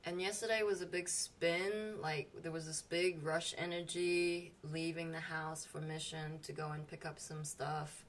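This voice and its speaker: Woman, lowish voice, casual spiritual talk, emotional, swears freely, animated storytelling. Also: a little slow, hardly any pauses, recorded from a distance, a little hiss or hum.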